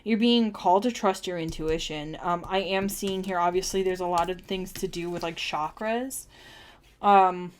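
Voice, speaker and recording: A woman's voice: on the low side, moderate pace, smooth. A woman giving a chatty, rambling oracle card reading on a live stream, with many ums and restarts. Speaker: tarot reader.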